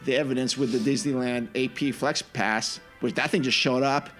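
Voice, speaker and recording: A man co-hosting a podcast in casual chat, animated, often restarting his sentences. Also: mid-range voice, normal speed, faint music behind. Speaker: podcast co-host.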